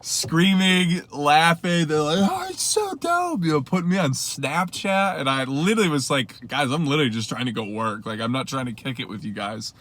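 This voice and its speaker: A man's voice: medium pitch, brisk, few pauses, fairly bright tone. A young man, a rideshare driver, telling a rambling story casually to his viewers, full of fillers and quoted asides.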